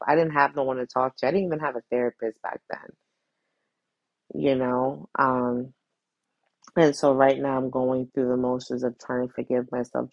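A woman with a strikingly low, gravelly voice talks straight to her listeners in a heartfelt podcast monologue. She circles back on her phrases and restarts often. The recording is dry and close. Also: no room sound, highs cut off. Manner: earnest and heartfelt, addressing listeners directly; conversational, with restarts and repeated phrases. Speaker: podcast host. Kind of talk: casual motivational monologue.

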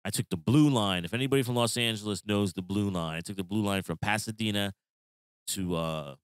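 A middle-aged man telling stories in a casual chat, animated and slangy, swearing freely. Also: lowish voice, brisk, smooth, no echo.

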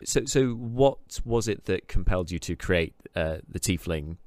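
A man hosting a casual tabletop game chat, relaxed and asking his guest questions. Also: sits low, a little slow, no room sound, studio quality. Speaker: podcast host.

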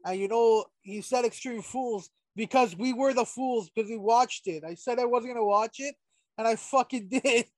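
A man's voice: very high voice, moderate pace. A man co-hosting a wrestling podcast, talking laid-back with lots of fillers and swearing. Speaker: podcast co-host. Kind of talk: casual wrestling podcast chat.

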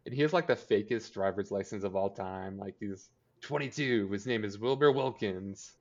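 Chatty man on a lo-fi recording. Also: lowish voice. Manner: chatty, sarcastic, acts out characters' lines in quick impressions. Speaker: podcast co-host recapping a TV episode. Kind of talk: casual chat.

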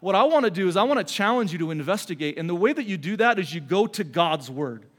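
Man, pastor, middle-aged, earnest conversational sermon, high voice, reverberant hall. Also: lively intonation, quick pace, fairly bright tone. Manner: earnest, conversational preaching with many restarts.

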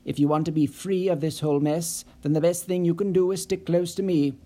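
A man's voice: fairly high pitch, steady tone, a little fast, mellow, close to an everyday voice. A man voicing a stern male investigator in an audiobook, speaking in a clipped, cold, authoritative way. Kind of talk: audiobook character voice.

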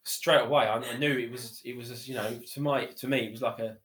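A man tells his story as a podcast guest. He rambles warmly, leaning on "you know" and "literally", and restarts his sentences often. The room around him gives his voice a noticeable echo. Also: medium pitch, steady tone, brisk. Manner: chatty, repeats himself, many fillers like "you know" and "literally". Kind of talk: casual conversational storytelling. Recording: roomy echo.

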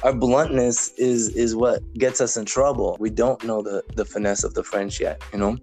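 A man's voice: lowish voice, fairly even intonation, moderate pace, mellow, soft background music. A Cuban American man telling stories as a podcast guest, rambling with many fillers and restarts and chuckling often. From United States, Cuban American. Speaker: podcast guest, language learner. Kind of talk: casual conversational storytelling.

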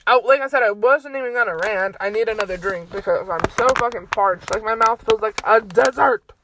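A woman's voice: mid-range voice, a little fast, background noise. A young adult woman hosting her own podcast, ranting in a heated, profane and exasperated way from a bedroom at home. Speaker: solo podcast host. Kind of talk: casual ranting monologue.

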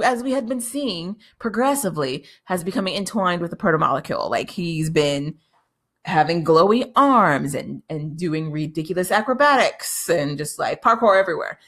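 Chatty woman recapping a TV episode. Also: on the low side. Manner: chatty and excitable, with frequent restarts and laughs. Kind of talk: casual spoken episode recap.

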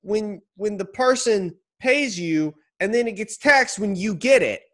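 A young man co-hosting a casual chat show, playful and teasing in quick banter. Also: high voice, lively intonation, a bit bright. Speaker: podcast co-host.

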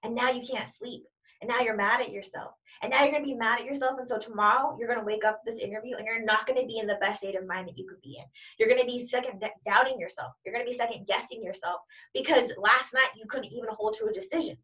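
Brief: woman motivational coach, fairly high voice, emphatic and repetitive, mic set a little back. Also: fast talker, sharp tone, far from the mic. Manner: emphatic and repetitive, piling up examples. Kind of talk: motivational talk.

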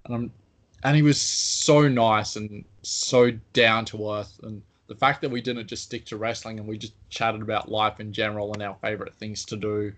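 A man's voice: on the low side, level tone, normal speed. A man with a Queensland Australian accent, co-hosting a podcast in a rambling, self-deprecating casual chat. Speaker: podcast co-host.

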